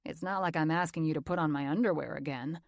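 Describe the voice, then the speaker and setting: A woman voicing a young male actor who soothes and teases his co-star in a slightly lowered voice. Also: fast talker, vocal fry, dry recording, clean studio sound. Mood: teasing. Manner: soothing, teasing. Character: teasing, gentle male actor, young adult.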